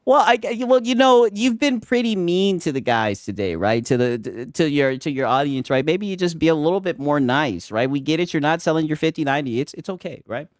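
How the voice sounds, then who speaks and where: A man's voice: on the high side, big pitch swings, a little fast, hardly any pauses, dry recording, clean studio sound. A man hosting a casual podcast chat, teasing his co-host, laughing often and tagging his sentences with "right?".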